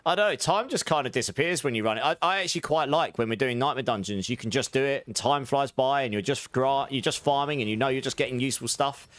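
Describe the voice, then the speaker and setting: A man's voice: medium pitch, fast talker, few pauses, a bit bright, no echo. A young man livestreaming a game, chatting casually with his viewers and thanking them, his voice a little sore. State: slightly sore voice. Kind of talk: casual gameplay chat with viewers.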